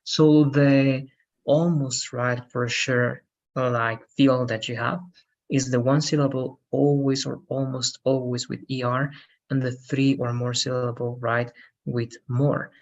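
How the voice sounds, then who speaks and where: A man's voice: medium pitch, flat delivery, measured pace, dull audio. A man teaching an English grammar lesson online, checking in with "right?" after almost every sentence.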